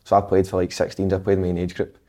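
A man's voice: low voice, monotone, rapid-fire, warm tone. A young Scottish man in his twenties, a footballer guest telling stories in casual, laughing chat. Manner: chatty storytelling, laughs often.

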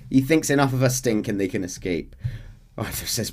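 A man hosting a podcast, casually recapping a game's story in a chatty, animated way. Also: mid-range voice, a little fast. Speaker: podcast host narrating a game story.

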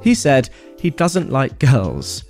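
Male podcast host reading stories, mid-pitched, hugely lively delivery, faint music under it. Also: slow pace. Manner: expressive, animated reading. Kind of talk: reading a story aloud.

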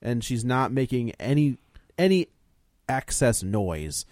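A man talking through a film on a podcast, storytelling with energy and jumping into little acted reactions. His voice sits in an ordinary middle pitch. The recording is dry and close, with no room sound. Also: slow pace, no echo. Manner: animated storytelling, acts out reactions. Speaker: podcast co-host. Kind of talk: casual chat, recapping a film.

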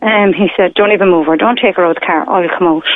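A woman's voice: fairly low pitch, quick pace, no echo. Middle-aged woman caller on a phone line, hesitant, rambling storyteller. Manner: rambling, hesitant, many fillers and retold quotes. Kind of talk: telling a personal story on a radio phone-in. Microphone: telephone.

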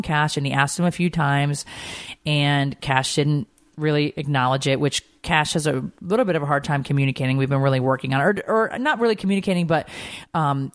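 A woman in her thirties telling a family story in casual chat, jumping up high whenever she quotes someone. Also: dry recording. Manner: animated storytelling, voice jumps high when quoting. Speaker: podcast co-host, mother.

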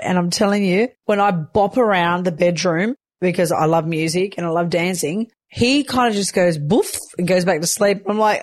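A chatty woman, talking casually and laughing often as she shares stories. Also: dry recording. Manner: chatty, animated, laughs often, squeals high in baby talk. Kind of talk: casual monologue.

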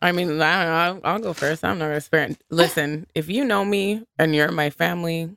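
A woman's voice: on the low side, normal speed, gravelly, fairly bright tone. A woman in her thirties chatting candidly and bluntly on a podcast, laughing often. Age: 30s. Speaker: podcast co-host. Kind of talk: casual chat.

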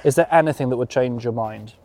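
A man interviewing a guest outdoors in a park, asking gentle questions and giving brief backchannels. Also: mid-range voice, quick pace.

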